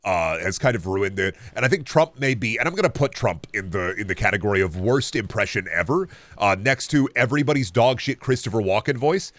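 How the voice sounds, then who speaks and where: A man's voice: fairly low pitch, expressive, a little fast, hardly any pauses, fairly bright tone, no room sound. A man streaming a video game, chatting in a rambling, jokey way with plenty of swearing. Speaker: gaming streamer. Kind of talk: casual stream chat.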